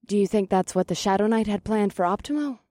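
A woman's voice: medium pitch, fast talker, dark tone, no echo, close to an everyday voice. A woman voicing a wry young woman with a dry, teasing manner.

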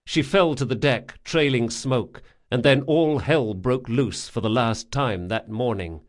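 An audiobook narrator, a man with a mid-range voice, reads a fantasy novel in steady, dramatic narration. He keeps a measured pace through the action.

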